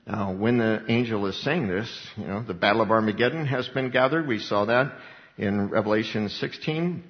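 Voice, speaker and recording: A man preaching a sermon, animated, acting out voices as he reads and explains scripture. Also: mid-range voice, normal speed. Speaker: pastor. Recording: long hall reverb, dull lo-fi sound.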